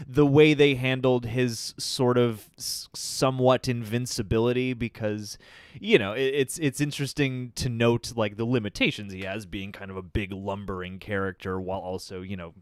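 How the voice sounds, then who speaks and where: A man's voice: mid-range voice, fairly even intonation, moderate pace, clean tone, dry recording, studio quality. A man co-hosting a casual spoiler review, giving thoughtful, rambling analysis full of filler phrases. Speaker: film review show co-host.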